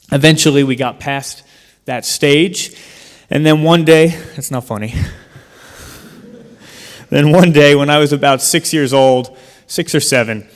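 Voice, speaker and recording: A man giving a public talk in a large hall, telling a personal story in an earnest way with touches of dry humor. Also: mid-range voice. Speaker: speaker. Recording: long hall reverb.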